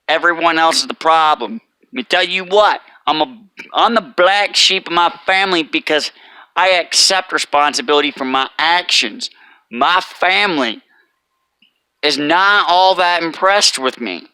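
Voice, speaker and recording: A man gives a casual but preachy motivational talk to the camera and hammers his points home with repeated phrases. His voice is very bright and crisp and sits a little high. The sound is dry and close. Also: dry recording. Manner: emphatic and preachy, repeating "let me tell you". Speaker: chef and motivational vlogger.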